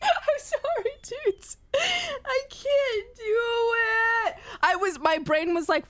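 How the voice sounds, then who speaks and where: A woman's voice: extremely high pitch, animated, takes it slowly. A woman streamer giving live gaming commentary, jumpy, yelping and repeating herself when scared.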